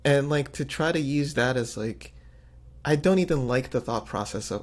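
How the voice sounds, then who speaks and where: A man co-hosting a podcast, chatting in an animated, loose way with lots of fillers. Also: mid-range voice, moderate pace. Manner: animated, many fillers, acts out quotes. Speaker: podcast co-host. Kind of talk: casual chat.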